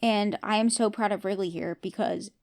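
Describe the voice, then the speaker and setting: A woman podcast host with a medium-pitched, steady, creaky and slightly mellow voice talks at a normal pace. She recaps a TV episode casually, offers her opinions, and regularly asks her listeners questions.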